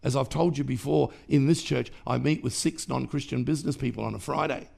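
Gravelly man preaching a sermon. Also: mid-range voice, a little fast, mellow. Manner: emphatic preaching with rhythmic repetition and bursts of volume. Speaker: pastor. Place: church.

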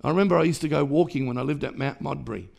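A man's voice: fairly high pitch, very fast, gravelly, darkish tone. A man preaching a sermon as pastor, emphatic and rhythmic, with repeated phrases and sudden rises in volume. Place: church.

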